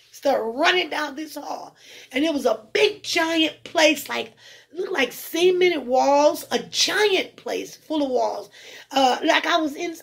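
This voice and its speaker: A woman telling a long, animated first-person account of a dream, acting out what she said in it. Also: high-pitched, vocal fry. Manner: animated storytelling, acting out her own past words. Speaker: spiritual channel host.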